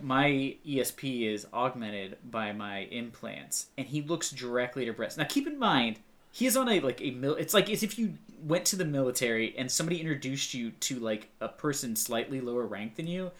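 A man with a middling pitch talks through a film in casual podcast banter. He is wry, leans on filler words and laughs at his own jokes. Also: animated, normal speed, a bit bright. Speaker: podcast co-host. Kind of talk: casual movie-review chat.

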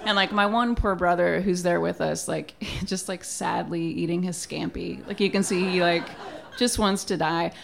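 A woman's voice: fairly low pitch, fairly even intonation, moderate pace, vocal fry. A young woman telling a comic story about her family in a chatty, wry way, often laughing and acting out quotes. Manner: frequent "like" fillers and acted quotes of family.

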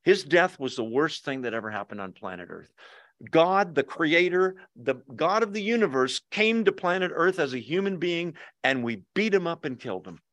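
A man leads a Bible study in a relaxed, joking way, checking in with his listeners through quick questions. His voice sits a little high for a man. The sound is dry and close, with almost no room echo. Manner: conversational, jokey, asks the audience questions. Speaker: pastor. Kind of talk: casual Bible study teaching. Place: church hall, with Zoom viewers.

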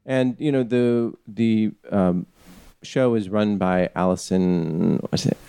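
A man's voice: fairly low pitch, slow, vocal fry, warm tone, smooth, dry recording. A man hosting a podcast in casual chat, rambling and hesitant with lots of fillers. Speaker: podcast host.

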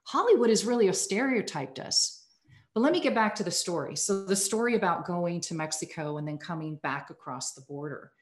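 A woman's voice: on the low side, lively intonation, brisk. Earnest woman telling a story, echoey room. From United States. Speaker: podcast guest, communications executive. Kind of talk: casual storytelling interview.

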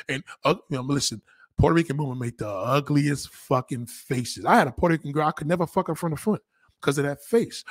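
A man's voice: on the high side, expressive, brisk, no echo, studio quality. A man hosting a livestream, ranting crudely and brashly to his chat and sliding into mocking voices. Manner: brash, profane, lapses into mock voices. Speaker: livestream host.

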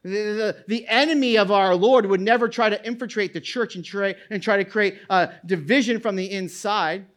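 A middle-aged male pastor delivers an animated sermon at normal speed with few pauses. He repeats words and restarts his sentences, and his voice booms whenever he reads scripture aloud.

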